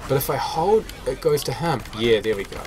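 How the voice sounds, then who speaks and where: A man's voice: medium pitch, animated, a little fast, noisy background. A man talking casually to viewers as he plays a shooter game, chatty and self-mocking, with the odd swear. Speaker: game player. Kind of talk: solo gameplay commentary.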